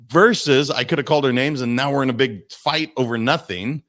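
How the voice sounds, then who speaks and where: A man, a guest coach in a podcast interview, telling stories in an animated way and acting out the people he quotes. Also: mid-range voice, brisk, hardly any pauses. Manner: animated storytelling, acts out voices in quotes. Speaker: guest, mindset and business coach.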